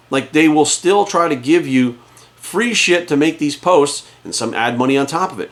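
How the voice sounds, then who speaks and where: A man's voice: on the high side, lively intonation, moderate pace. A man working as a fitness coach, ranting to camera in his office with heated, profane emphasis. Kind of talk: casual rant to camera. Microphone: camera in front of him.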